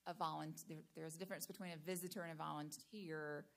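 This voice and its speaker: Woman administrator with a low, gravelly voice, walking a board through procedures. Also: fairly even intonation, fast talker, a bit bright. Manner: explanatory, uses hypothetical examples. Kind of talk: explaining procedures at a board meeting.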